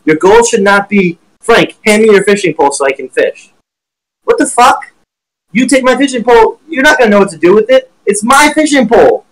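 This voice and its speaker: A man teaching trading on a live stream with blunt, profane, animated talk while sharing his screen. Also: high-pitched, a little fast, few pauses, rough recording.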